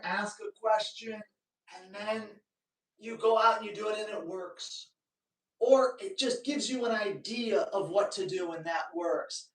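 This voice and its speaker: Blunt slow-talking man, roomy and distant. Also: sits high, fairly bright tone. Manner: blunt, emphatic, punchy short commands. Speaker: dog trainer and host. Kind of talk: live Q&A advice.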